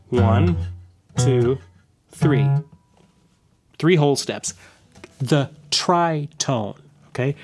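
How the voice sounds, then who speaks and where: A man teaching a guitar lesson in a casual way, explaining chord substitutions and humming the changes as he plays. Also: mid-range voice. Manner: casual, hums and scats the chords while playing. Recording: guitar playing loudly underneath. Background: acoustic guitar.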